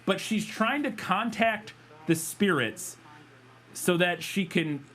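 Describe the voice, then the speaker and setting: A man's voice: high voice, expressive, takes it slowly, fairly bright tone, a little hiss or hum. A man co-hosting a podcast, chatting loosely about a bad movie, rambling, laughing and swearing freely. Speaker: podcast co-host. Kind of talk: casual chat reviewing a film.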